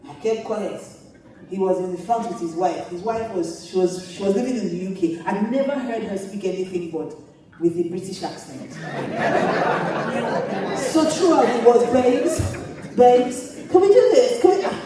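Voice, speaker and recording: A woman's voice: medium pitch, moderate pace. A woman pastor spins a humorous story for her congregation, laughing as she goes. Her voice rings through a large echoing church hall, picked up from a distance. The crowd's laughter swells behind her. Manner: animated, laughs often mid-sentence. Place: church auditorium. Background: audience laughter.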